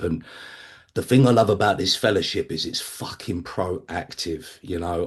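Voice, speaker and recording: Deep husky guy sharing his recovery story, swears a lot, blunt and chatty. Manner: acts out other people's voices. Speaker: speaker at a recovery meeting. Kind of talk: personal recovery testimony.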